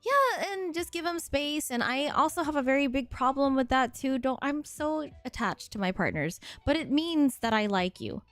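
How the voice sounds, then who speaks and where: A woman's voice: sits high, expressive, moderate pace, few pauses, no room sound. A young woman streamer in casual chat, rambling and laughing as she reads chat aloud and answers it, swearing freely. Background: faint music.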